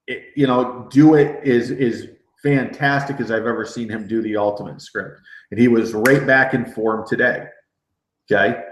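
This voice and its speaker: Energetic man coaching, roomy echo. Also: medium pitch. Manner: energetic, repeats words, rallying "okay?" asides. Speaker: network marketing trainer. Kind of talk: live training webinar.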